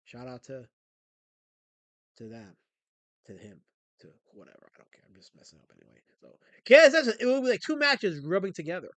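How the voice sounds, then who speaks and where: A man's voice: high-pitched, huge pitch swings, fairly quick, long pauses, fairly bright tone, no echo. A man with a scratchy throat, hosting a livestream and chatting, rambling and joking with viewers. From Pennsylvania. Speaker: livestream host. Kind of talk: casual livestream chat.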